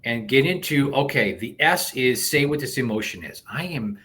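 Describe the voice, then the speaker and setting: A man being interviewed as a coach, explaining a technique step by step in an animated way, with frequent restarts. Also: mid-range voice, normal speed. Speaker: guest coach. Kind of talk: conversational interview.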